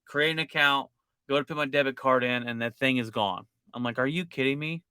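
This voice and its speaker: A man co-hosting a sports podcast, telling stories in an animated, chatty way. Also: mid-range voice, fairly quick, clear, resonant tone, dry recording. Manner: animated storytelling. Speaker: podcast co-host. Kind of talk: casual chat.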